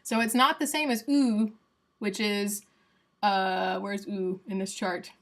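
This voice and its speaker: Southern gal streaming a phonetics lesson, playful and chatty, middle-pitched voice, says the sounds out loud. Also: female voice, steady tone, slow. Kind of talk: casual livestream lesson.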